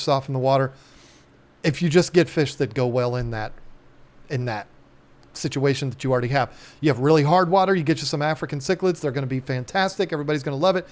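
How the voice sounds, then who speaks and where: A man's voice: mid-range voice, darkish tone. A man hosting a casual live stream, rambling in a folksy way with plenty of ums. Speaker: aquarium channel host.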